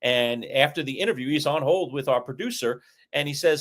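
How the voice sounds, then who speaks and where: A middle-aged man co-hosting a sports talk show, chatting and telling stories in an animated way. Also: mid-range voice, brisk. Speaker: co-host.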